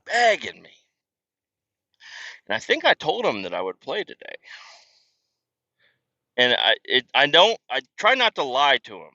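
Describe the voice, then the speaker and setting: A man's voice: medium pitch, huge pitch swings, moderate pace, pauses often, bright, forceful tone, no room sound, lo-fi sound. A man hosting a casual podcast, rambling through family stories in a profane, self-deprecating way while on the road. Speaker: podcast host. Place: car.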